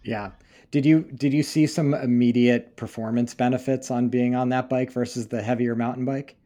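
Mellow guy hosting the interview, asks long curious questions. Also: medium pitch, fairly even intonation, normal speed. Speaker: podcast host. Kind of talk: casual interview.

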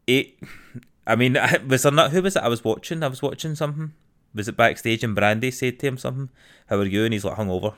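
A man's voice: mid-range voice, fast, fairly bright tone. A young Scottish man in casual podcast chat, blunt, sweary and enthusiastic. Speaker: podcast co-host.

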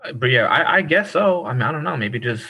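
An Irish man co-hosting a casual comedy chat, excitable and slangy, often breaking into laughter. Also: on the high side, fast, gravelly, breathy edge, lo-fi sound. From Ireland. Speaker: podcast co-host.

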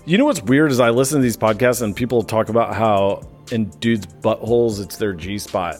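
A man's voice: lowish voice, normal speed, soft background music. Rambling crude podcast co-host, a man. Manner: crude, rambling, trails off mid-sentence. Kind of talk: casual podcast banter.

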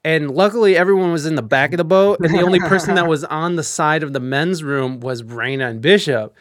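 A young man live streaming, telling a story in a casual, animated way with lots of swearing, fillers and restarts. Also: fairly high pitch, fairly quick, dry recording, clean studio sound.

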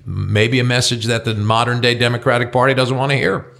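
Bright-voiced blunt man, talk co-host. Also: medium pitch, little pitch movement, a little fast, vocal fry. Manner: blunt, swears, trails off into restarts. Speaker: podcast co-host. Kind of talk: casual political chat.

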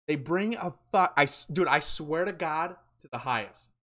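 Bright-voiced young man telling a profane story. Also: a little high, moderate pace. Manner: animated, profane storytelling with acted-out quotes. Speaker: podcast co-host. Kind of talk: casual storytelling chat.

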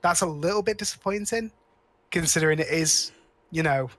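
A man's voice: a little high, normal speed, a bit bright, dry recording. A man co-hosting a podcast, rambling casually about films with lots of restarts and cheerful swearing. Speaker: podcast co-host. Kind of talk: casual chat.

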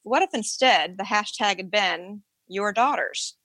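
Author guest, woman, mid pitch, explanatory coaching manner, dry close sound. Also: unhurried, bright, forceful tone, no room sound. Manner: explanatory, coaching tone, checks understanding. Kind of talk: conversational interview.

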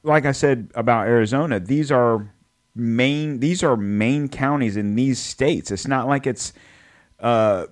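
A man's voice: mid-range voice, unhurried. A man co-hosting a podcast, rambling through a casual political chat, swearing and correcting himself as he goes. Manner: rambling, profane, self-correcting. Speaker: podcast co-host.

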